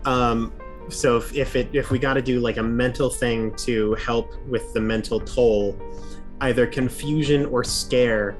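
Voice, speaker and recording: A man's voice: medium pitch, steady tone, measured pace, faint music behind. Chatty man at a game table. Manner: chatty, thinks aloud with fillers. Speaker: player. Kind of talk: casual tabletop game chat.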